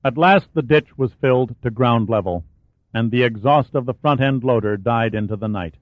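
A man reads a thriller aloud in a steady, dramatic narrating voice of middle pitch. The sound is dry and close, squeezed into a narrow, phone-like band. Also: moderate pace, no room sound. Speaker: audiobook narrator.

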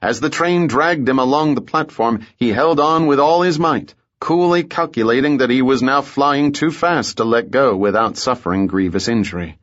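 A man narrating an audiobook in a measured, steady storytelling manner. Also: mid-range voice, lo-fi sound. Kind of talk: scripted narration.

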